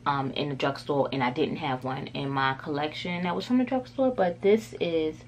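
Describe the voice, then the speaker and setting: Low-voiced chatty woman vlogger. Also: moderate pace, a little hiss or hum. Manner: rambling, chatty, lots of "like" fillers. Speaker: beauty vlogger. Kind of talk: casual makeup tutorial chat.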